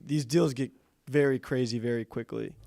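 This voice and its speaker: A man's voice: mid-range voice, moderate pace, gravelly, no room sound. A man hosting a podcast who chats casually and loosely, often filling with "like.". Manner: relaxed, loose, frequent "like" fillers. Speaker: podcast host. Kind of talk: casual chat.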